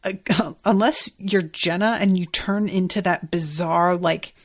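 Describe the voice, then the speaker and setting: A woman's voice: fairly low pitch, steady tone, unhurried. A woman hosting a podcast, recapping a TV episode in a chatty, profane way and laughing often. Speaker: podcast host.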